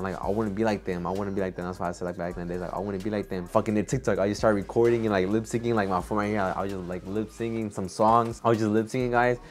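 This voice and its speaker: A young man talks straight to camera in a relaxed, slangy vlog voice. His voice sits on the low side, and he leans on filler words and swearing as he tells his story. Faint music plays under him. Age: young adult. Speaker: content creator.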